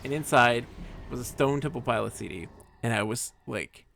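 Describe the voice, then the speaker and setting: A man streaming a game, telling a rambling personal story in a chatty, animated way. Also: mid-range voice, moderate pace, creaky. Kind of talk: casual storytelling while playing a game.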